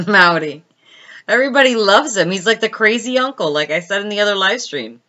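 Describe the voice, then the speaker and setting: Bright-voiced chatty woman live streamer. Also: medium pitch, expressive, unhurried. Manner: chatty, laughs often, answers viewer comments by name. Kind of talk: casual live stream chat with viewers.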